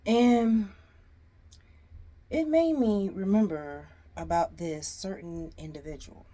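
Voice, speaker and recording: A woman's voice: medium pitch, takes it slowly, dark tone. A woman telling a storytime to her viewers in a casual, exasperated way, sighing often. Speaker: storyteller vlogger.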